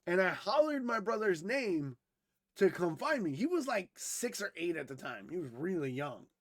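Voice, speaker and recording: A man co-hosting a podcast, telling a story casually, animated and swearing freely, who grew up in Wisconsin. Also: high-pitched, moderate pace, dry recording, studio quality. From Wisconsin, USA. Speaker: podcast co-host.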